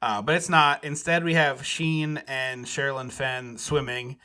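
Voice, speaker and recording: A man co-hosting a podcast in casual chat, animated and quick to laugh. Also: medium pitch, clear, resonant tone. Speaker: podcast co-host.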